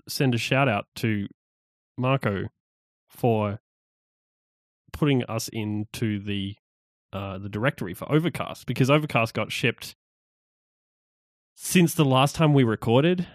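A man hosting a podcast, chatting in an animated way with frequent stumbling restarts. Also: mid-range voice, no echo, clean studio sound. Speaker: podcast co-host. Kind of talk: casual chat.

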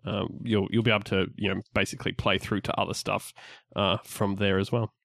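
A man's voice: lowish voice, flat delivery, fairly quick, vocal fry, a bit bright, dry recording, clean studio sound. A man co-hosting a casual geek podcast, opening in an upbeat way, then rambling with many restarts. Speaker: podcast co-host.

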